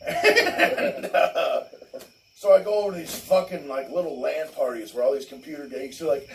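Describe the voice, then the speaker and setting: This co-host's voice runs high and bright-ish, creaky yet expressive, at a moderate pace. He spins a lengthy story in relaxed conversation, cursing, laughing and mimicking its characters. He sits well back from the mic in an echoey room with faint background noise.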